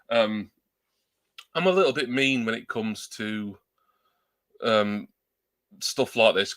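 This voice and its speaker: A man rambles through a casual live-stream chat, poking fun at himself as he goes. His lowish voice has a bright, pressed edge, and it comes across close and dry at his home desk mic. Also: dry recording. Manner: rambling, self-deprecating, joking. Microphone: new external desk mic.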